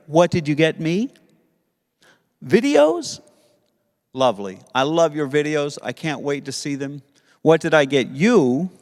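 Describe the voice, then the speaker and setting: A man teaching Sunday school to kids, telling a story in a playful, animated way. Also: medium pitch, big-room sound. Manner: playful, animated storytelling with put-on character voices.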